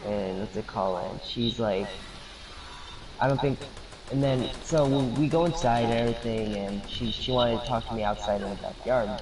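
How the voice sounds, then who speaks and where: A man's voice: medium pitch, far from the mic, noisy background. A young man telling a rambling story over voice chat while gaming, laughing often and acting out the lines of the people in it.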